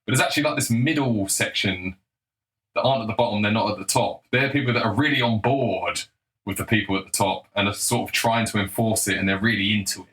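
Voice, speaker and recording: Guy ranting on his own commentary show, scornful and heated, punchy bright voice. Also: on the low side, fast, low-quality recording. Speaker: political commentator.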